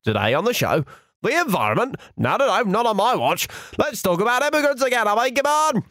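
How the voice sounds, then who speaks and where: A man's voice: very high-pitched, sing-song, a little fast, fairly bright tone, no echo, clean studio sound, full character voice. A man doing a comedy impression of a pompous, blustering right-wing talk radio host.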